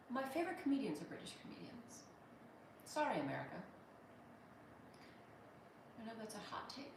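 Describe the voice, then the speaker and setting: A medium-pitched woman's voice, distant from the mic in a very echoey room with a faint hum below. She's a chatty comedian from Pittsburgh hosting a casual livestream, rambling between viewer comments she reads aloud and restarting often.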